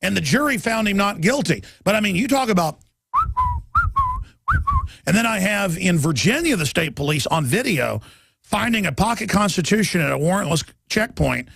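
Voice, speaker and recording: A man's voice: high voice, sing-song, normal speed, creaky, a bit bright, slight background noise. A man hosting a talk radio show, ranting in a heated, mocking way.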